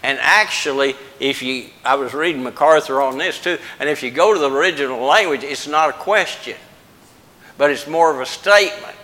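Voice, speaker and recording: A man's voice: on the high side, normal speed, pushed and bright, big-room sound, rough recording. An older man preaching a folksy, plain-spoken sermon, joking with the congregation.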